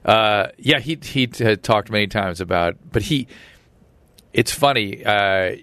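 A man's voice: on the low side, measured pace, fairly bright tone, dry recording. A man hosting an interview, asking curious, rambling questions and correcting himself as he goes. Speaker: podcast host. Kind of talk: casual interview chat.

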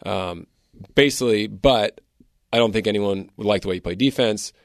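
A man's voice: on the low side, moderate pace, no echo, studio quality. A man who played pro baseball, a guest telling a modest, matter-of-fact story about his old manager. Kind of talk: casual interview chat.

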